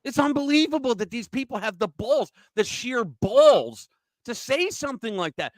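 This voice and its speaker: A man's voice: very high voice, very animated, normal speed, dry recording. A man hosting a political talk show, ranting profanely and mocking his opponents. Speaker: podcast host. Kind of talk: political commentary rant.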